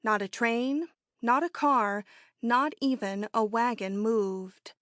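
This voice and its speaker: This scripted audiobook narration comes from a woman with a fairly high pitch, speaking in a measured, even way suited to storytelling. The recording is dry and the studio sound clean.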